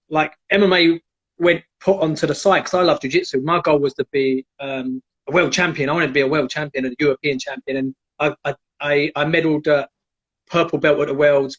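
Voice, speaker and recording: Guest storyteller: man, lively, slightly high voice, muffled live-stream sound. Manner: animated, acts out quoted voices. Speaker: guest, jiu-jitsu black belt. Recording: dull lo-fi live stream audio.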